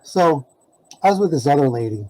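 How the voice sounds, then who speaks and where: A man's voice: on the high side, lively intonation, fairly quick, warm tone, no echo, poor audio. A man telling a rambling story as a podcast guest, full of fillers and laughs. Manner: rambling, many "you know" fillers, laughing. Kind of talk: casual storytelling.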